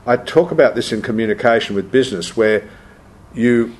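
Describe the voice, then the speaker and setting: A man's voice: mid-range voice, moderate pace, a little mellow, husky. A man who teaches meditation, talking reflectively and telling anecdotes, acting out the people he quotes and often repeating words. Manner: storytelling, acts out quoted voices, repeats words.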